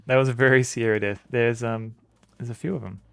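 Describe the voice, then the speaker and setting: A man's voice: mid-range voice, steady tone, a little fast, gravelly, smooth, no echo. A man streaming an old computer game, rambling casually, chuckling and greeting chat.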